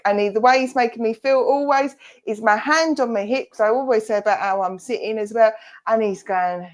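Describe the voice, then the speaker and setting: A woman's voice: on the high side, moderate pace. A woman with an Essex accent, presenting and giving a chatty, reassuring mediumship reading. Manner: chatty, reassuring, speaks for a spirit in asides.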